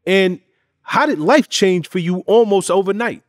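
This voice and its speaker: Guy hosting a chill interview, kinda high voice, questions kinda rambly. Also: unhurried, dry recording, clean studio sound. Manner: shout-outs, loose questions with restarts. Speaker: interview host. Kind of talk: casual interview.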